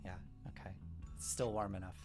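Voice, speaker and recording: A woman chatting as a player at a tabletop role-playing game. She is hesitant and fills her talk with pauses and easy laughs. Her voice is very low for a woman. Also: fairly even intonation, darkish tone, soft background music. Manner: hesitant, full of fillers, laughs easily. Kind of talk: tabletop role-play chat.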